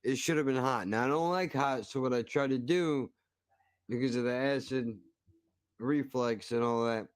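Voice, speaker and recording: A man's voice: medium pitch, moderate pace, clear, resonant tone, dry recording, clean studio sound. A man hosting a stream, reacting to a cooking video with profane, mock-outraged ranting. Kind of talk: casual reaction commentary.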